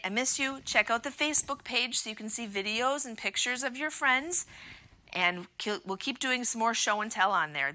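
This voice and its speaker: A woman teaching a remote phonics lesson to young children in a slow, sing-song, encouraging teacher voice. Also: on the high side, pushed and bright. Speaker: kindergarten teacher.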